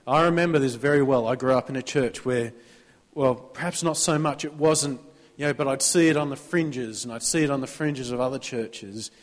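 A man's voice: medium pitch, normal speed, in a large hall. A man with an Australian accent preaching a sermon in a church, talking conversationally, prompting the congregation to answer amen, with a sore throat. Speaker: pastor.

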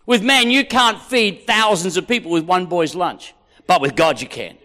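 A man's voice: high-pitched, moderate pace, bright, forceful tone. A man with an Australian accent preaching a rousing, jokey sermon as a pastor, recorded in a large hall. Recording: echoey hall.

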